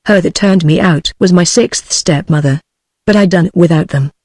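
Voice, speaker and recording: A woman's voice: lowish voice, moderate pace, a little mellow, dry recording, studio quality. A British English text-to-speech woman's voice reading the lines of a poor, defiant young London flower girl, in an indignant, protesting manner.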